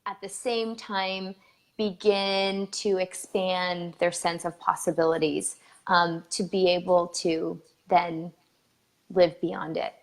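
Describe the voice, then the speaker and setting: A woman host and coach asking long, halting questions packed with fillers. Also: fairly low pitch, flat delivery. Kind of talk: interview questions.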